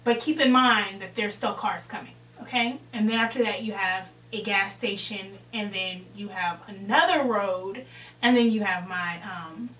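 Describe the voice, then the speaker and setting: A young woman vlogger telling a story in a casual, animated way, swearing freely and acting out the scene. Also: medium pitch, moderate pace, reverberant, far from the mic, low-quality recording. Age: young adult.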